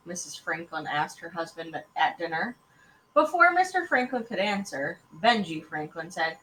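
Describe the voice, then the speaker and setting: A woman teacher reading a chapter book aloud to second graders in an expressive, animated way. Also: on the low side, normal speed. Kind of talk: reading a storybook aloud to children. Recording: echoey room.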